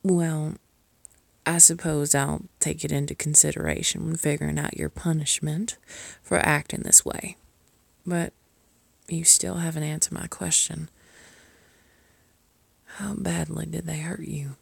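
A woman's voice: low-pitched, level tone, a little slow, gravelly, no room sound. A woman in an audio role-play, speaking as a caring mistress to the listener, by turns scolding and tender, often dropping to a whisper.

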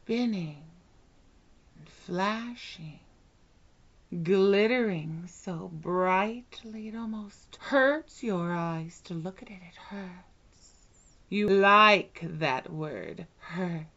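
A woman in a whispered role-play who talks with a very slow, unhurried pace, drawing out each word in a soft, commanding tone. Her pitch sits mid-range for a woman, and the whole thing comes through a dull, lo-fi recording. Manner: slow, soft, commanding, drawn-out hypnotic delivery. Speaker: hypnotist in a dominant role-play.

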